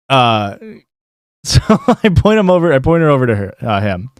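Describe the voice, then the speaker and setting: Male streamer, casual rambling storyteller, profane, medium pitch, dry close sound. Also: expressive, fairly quick, clear, resonant tone, no echo. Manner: rambling, profane, lots of likes and restarts.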